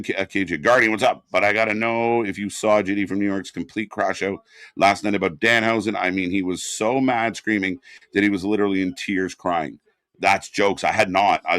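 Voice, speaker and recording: A man's voice: fairly low pitch, fairly bright tone, no echo, clean studio sound. Blunt, profane man hosting a watch party. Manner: casual and profane, reads chat aloud. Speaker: live stream host. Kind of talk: live wrestling watch-along commentary.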